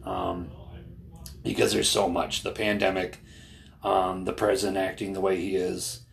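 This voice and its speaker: A man with a low, gravelly voice talks through a casual podcast conversation. He is earnest and hesitant, full of fillers and restarts. When he retells what other people said, he pushes his voice up higher and gets animated. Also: measured pace. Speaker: podcast co-host.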